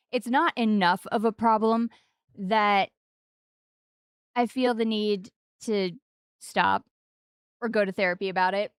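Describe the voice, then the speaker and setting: A woman in her forties chatting casually while streaming a game, playful and jumping into high sing-song stresses on odd syllables, close to the mic. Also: a bit bright, smooth, no room sound. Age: 40s.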